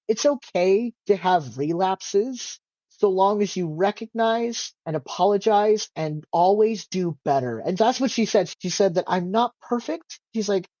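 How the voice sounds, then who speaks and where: A man guest on a podcast, telling stories in a casual, animated way, with lots of filler "like" and free swearing. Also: high voice, no echo, muffled recording. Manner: casual, animated storytelling, heavy use of "like", swears freely. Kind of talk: casual interview chat.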